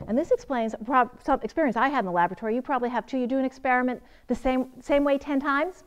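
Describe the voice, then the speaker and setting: A woman's voice: sits high, fast talker, clear, resonant tone, dull audio. A woman teaching a writing workshop, lecturing with energy and quizzing her audience as she goes. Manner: lively, asks the audience questions and answers them. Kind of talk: seminar lecture. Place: seminar room.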